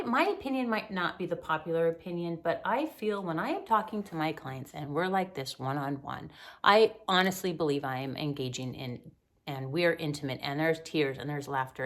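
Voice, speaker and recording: This middle-aged woman talks as a therapist in a relaxed conversation. Her voice is fairly low, and she explains things earnestly, filling pauses with ums. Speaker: mental health therapist, guest. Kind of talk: casual conversation.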